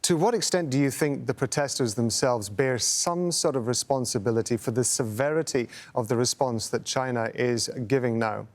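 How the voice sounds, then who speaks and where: Male news anchor, formal and courteous, mid pitch. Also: normal speed, few pauses. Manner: polite, formal questioning. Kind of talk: broadcast news interview.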